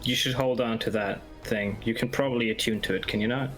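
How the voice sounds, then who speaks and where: A man chats at a tabletop game in a blunt, casual way and swears freely. His voice is at a mid pitch, and keyboard typing and faint music sound in the background. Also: fairly even intonation, a little fast, a bit bright. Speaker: player. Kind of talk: casual in-character play.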